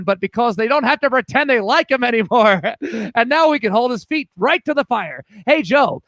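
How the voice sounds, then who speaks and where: A man's voice: very high-pitched, a bit bright, dry recording. A man hosting a podcast, telling topical jokes with chuckles and mock voices. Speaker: podcast host. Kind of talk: joking comedy segment.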